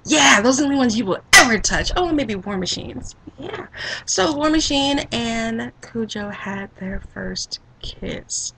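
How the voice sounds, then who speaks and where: A sassy woman rants casually to her camera, her voice bright and fairly high. She swings up and down in pitch and takes her time with her words. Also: unhurried, creaky, slight background noise, poor audio. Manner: sassy, animated, laughs often. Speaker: vlogger.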